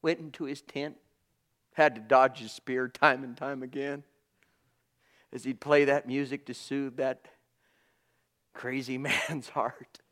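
A man preaching a sermon with passion, swinging from loud calls to hushed asides. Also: medium pitch, fairly even intonation, slow, long pauses.

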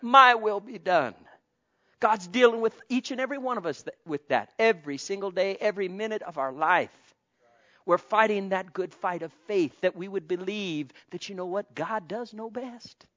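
A high-voiced man preaches a sermon. He moves from hushed pleading to ringing exclamations, calling out to his congregation. The recording sounds dull and lo-fi. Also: lively intonation, normal speed. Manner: impassioned, swinging between soft pleading and loud exclamation; calls out to the congregation.

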